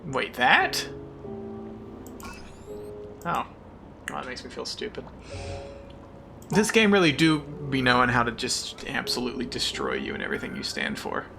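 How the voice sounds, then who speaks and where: A man's voice: medium pitch, big pitch swings, a little slow, creaky, pauses often. A man streaming a puzzle game in casual chat, frustrated and self-mocking, who swears often and thanks viewers as he plays. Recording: game stream with music behind.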